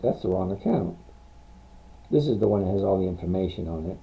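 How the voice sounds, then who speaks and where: Deep, mellow and expressive, this man's voice runs a little fast with some vocal fry. He's a livestream stock trading host fielding viewer questions and rattling off chart figures bluntly and ramblingly, captured with a tinny phone-like sound.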